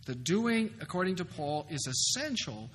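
Man, lecturer, high voice, emphatic, animated, wry, long hall reverb, faint hiss. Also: normal speed. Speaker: seminary professor lecturing. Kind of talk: conference lecture on theology. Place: conference hall. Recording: hall reverb with faint noise, 2004 recording.

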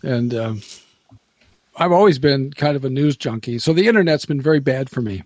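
Man, podcast guest, rambling chatter, frequent restarts, dry close sound, mid pitch. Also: expressive, normal speed, darkish tone, dry recording. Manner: rambling, self-interrupting, laughs often. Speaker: podcast guest, former radio broadcaster. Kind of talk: casual chat.

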